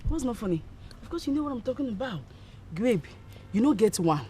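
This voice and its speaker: Brash teasing friend. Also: female voice, a little high, very animated, warm tone, a little hiss or hum. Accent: Nigerian. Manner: teasing, quick to quarrel. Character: brash young woman, teasing loyal friend. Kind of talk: film drama acting. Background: film score music.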